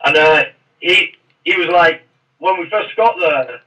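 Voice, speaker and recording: A man's voice: on the high side, a little slow, sharp tone. A man, a former Royal Marine, telling stories in a casual podcast interview with a rambling, restarting manner, heard through muffled, distant audio.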